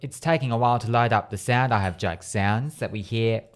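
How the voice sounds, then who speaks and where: Chatty Australian radio host. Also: male voice, mid-range voice, a little fast, clear, resonant tone. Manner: chatty, laughs at own jokes. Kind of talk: radio interview, telling a joke. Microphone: studio microphone.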